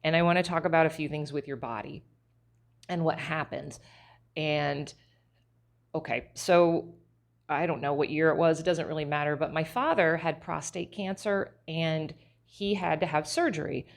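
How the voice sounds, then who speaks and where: A woman's voice: low-pitched, normal speed, vocal fry. A middle-aged woman hosting a podcast, telling a candid personal story and laughing at herself now and then. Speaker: podcast host.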